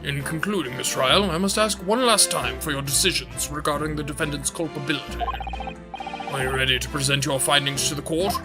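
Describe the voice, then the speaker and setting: A man voicing a stately older male British judge who speaks in a formal, measured way as he reads game dialogue aloud. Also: fairly high pitch, natural voice. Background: game music.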